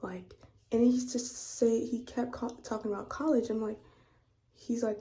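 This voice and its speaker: Young woman, mellow voice, casual rambling rant, hushed half-whispers. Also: medium pitch, normal speed, vocal fry. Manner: rambling, full of "like" and "you know". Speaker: vlogger.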